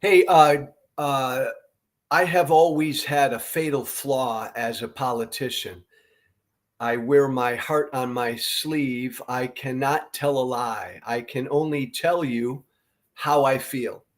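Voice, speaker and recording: A man's voice: mid-range voice, takes it slowly. A middle-aged man from the United States giving earnest, emphatic commentary to camera as a show host, often repeating his key phrases.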